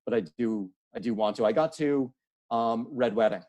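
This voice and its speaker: A man speaking as an interview guest, earnest and halting, often restarting his sentences. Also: mid-range voice, darkish tone, lo-fi sound. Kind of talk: casual interview conversation.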